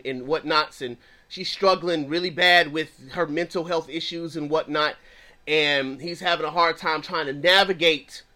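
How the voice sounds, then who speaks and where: A man's voice: on the high side, sharp tone. A man who counsels clients, teaching in an emphatic preaching style with a repetitive cadence.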